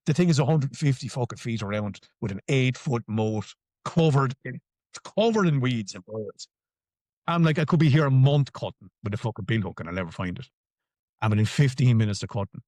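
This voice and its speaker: A man's voice: mid-range voice, darkish tone, dry recording. Irish man, interview guest, emphatic, swears, repeats for stress, dry recording. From Ireland. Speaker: podcast guest. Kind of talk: conversational interview answers.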